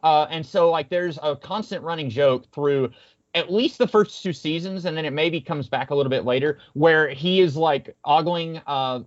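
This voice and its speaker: A man's voice: fairly high pitch, moderate pace. A man chatting casually on a podcast, rambling with many fillers and restarts. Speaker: podcast co-host. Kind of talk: casual chat. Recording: muffled lo-fi audio.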